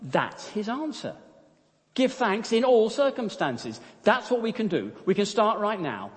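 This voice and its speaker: A man voicing a calm, faithful, encouraging adult woman prisoner in a sermon story, in a long echo. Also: high-pitched, moderate pace, voice pushed up. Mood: eager. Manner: matter-of-fact, eager, encouraging.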